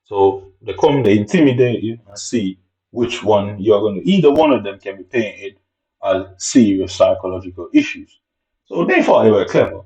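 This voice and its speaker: A man's voice: lowish voice, lively intonation, normal speed, warm tone. A man in a casual vlog monologue, rambling and agitated and swearing often. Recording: dull lo-fi recording.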